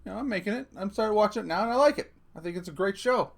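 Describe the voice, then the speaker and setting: A man's voice: high voice, lively intonation, racing, creaky. A middle-aged man hosting his own podcast, ranting casually, joking and swearing as he talks straight to his listeners. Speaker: podcast host. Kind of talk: casual rant.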